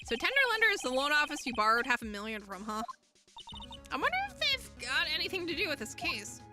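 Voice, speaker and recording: A young male defense lawyer with a dry, sarcastic edge, voiced by a woman. The pitch is high and animated, with game music underneath. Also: quick pace. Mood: wry. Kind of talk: reading game dialogue aloud.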